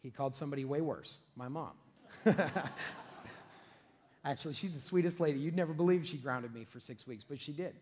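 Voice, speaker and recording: High-voiced, animated pastor telling a story. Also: male voice, fairly quick, long pauses, a little hiss or hum. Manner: animated, self-deprecating, laughs often, shouts at peaks. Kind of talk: storytelling sermon.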